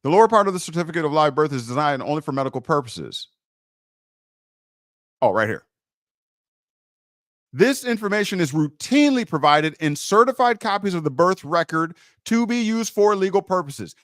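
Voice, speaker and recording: A man's voice: fairly high pitch, sing-song, moderate pace, fairly bright tone, dry recording, clean studio sound. A man teaching on a livestream in an emphatic way. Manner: emphatic, muttering while searching his screen.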